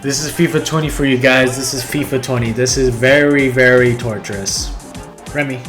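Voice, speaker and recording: Excitable young man commentating football gameplay. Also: mid-range voice, moderate pace, faint music behind. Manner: excitable, yells at goals and near misses; talks straight to viewers, calls them guys. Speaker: gaming YouTuber.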